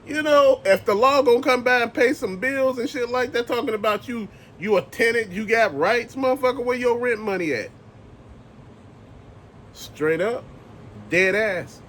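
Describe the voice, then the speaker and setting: Profane ranting man, high voice. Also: normal speed, a bit bright, a little hiss or hum. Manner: profane, emphatic, heated ranting. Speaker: channel host. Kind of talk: ranting commentary vlog.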